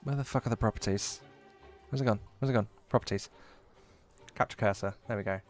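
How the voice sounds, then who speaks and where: A man's voice: fairly low pitch, brisk, faint music behind. A man from England with an English accent and a bit of Midlands, chatting casually and rambling while streaming a game, with frequent swearing. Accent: English, with a touch of Midlands. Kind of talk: casual livestream chat while gaming.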